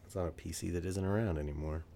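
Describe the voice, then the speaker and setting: Hoarse, deep-voiced man in casual chat. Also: fairly even intonation, fast, dark tone, slight background noise. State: hoarse, lost his voice. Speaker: podcast co-host, voice actor.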